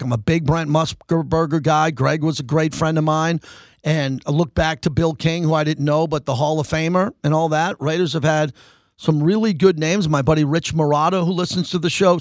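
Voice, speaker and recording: A man from Long Island, hosting a sports radio show in a brisk, emphatic chat. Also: fairly high pitch, no room sound, studio quality. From Long Island, New York. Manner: energetic, emphatic, quick talk.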